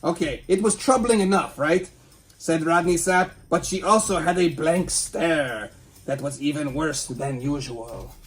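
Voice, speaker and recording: A man's voice: on the high side, measured pace. A man hosting a comedy show, reading a tabloid article aloud and breaking off with playful, teasing asides to a silent puppet sidekick.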